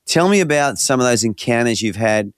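A man's voice: mid-range voice, expressive, fairly quick, no room sound, clean studio sound. A man interviewing a guest, asking casual, conversational questions and recapping her story.

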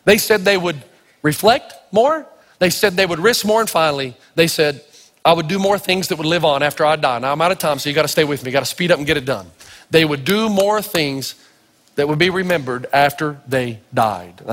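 A male pastor from Tennessee preaching a sermon full of stories, acting out voices and shouting for emphasis. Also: a little high, lively intonation, fairly quick, in a large hall. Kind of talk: sermon with storytelling.

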